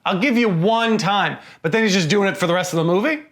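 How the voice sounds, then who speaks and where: A man's voice: sits high, fast, a bit bright. Stammering emphatic man in movie chat. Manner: emphatic, stammers and repeats himself. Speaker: podcast co-host. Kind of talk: casual movie review chat.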